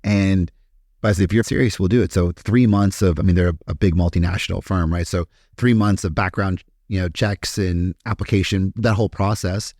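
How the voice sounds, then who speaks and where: Podcast guest from Kentucky, low-pitched man, animated and profane, dry close sound. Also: normal speed, no room sound. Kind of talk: casual storytelling interview.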